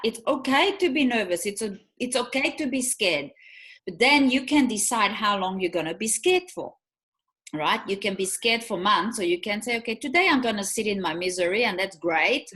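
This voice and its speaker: A woman in her forties co-hosts a relaxed conversation. She tells stories in a chatty, rambling way, full of fillers and quick restarts. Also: mid-range voice. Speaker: co-host. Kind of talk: casual chat.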